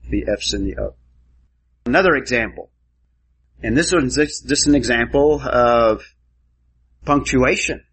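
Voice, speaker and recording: A man's voice: mid-range voice, fairly bright tone, slightly rough, rough recording. A man teaching a class, giving a lecture and quizzing students with questions.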